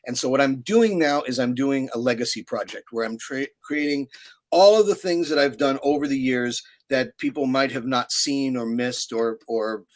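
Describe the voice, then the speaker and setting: A man in his sixties, a puppeteer guest in a casual interview, telling stories in a rambling, animated way with many fillers. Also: medium pitch, normal speed. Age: 60s.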